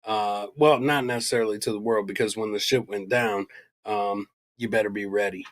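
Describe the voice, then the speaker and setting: A man's voice: on the low side, steady tone, normal speed. Joking, rambling male podcast host. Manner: rambling, joking, swears a lot. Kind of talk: casual podcast chat.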